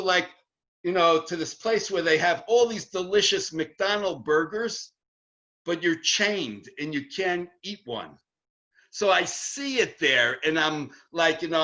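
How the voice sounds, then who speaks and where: A man teaching Torah as a rabbi in an online class, his voice high and sharp with a wide, lively swing. He speaks slowly and with emphasis, leaning into the quotes he reads. The audio is dull and a little lo-fi, as from a video call. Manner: animated, emphatic, acts out quotes with rising pitch.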